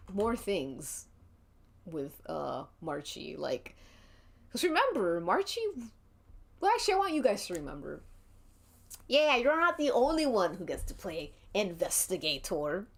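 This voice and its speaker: A woman's voice: medium pitch, sing-song, a little slow. A woman streaming as game master, narrating a murder mystery role-play casually, swearing and laughing often.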